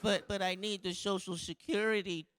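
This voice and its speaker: A man voicing a sweet, timid old lady speaking slowly and politely at a town hall. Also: high voice, fairly even intonation, fairly bright tone, a little hiss or hum, pitched above the performer's own voice. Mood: pleading.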